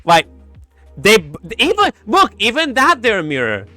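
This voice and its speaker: A man streaming in a casual chat, animated and giggly, breaking into sound effects. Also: sits high, moderate pace, no room sound, soft background music.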